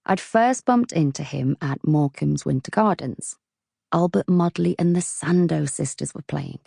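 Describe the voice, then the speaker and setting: Low, gravelly woman reading a novel. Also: moderate pace, mellow, no echo, studio quality. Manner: cheeky, wry storytelling. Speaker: audiobook narrator. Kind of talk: first-person audiobook narration.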